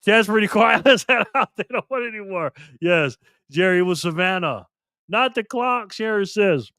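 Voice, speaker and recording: A man hosts a long, casual livestream late into the night. He sounds worn out but keeps laughing as he reads the chat aloud. His voice sits a little high and is captured dry and close to the mic. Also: animated, normal speed, sharp tone, no room sound. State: tired. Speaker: livestream host.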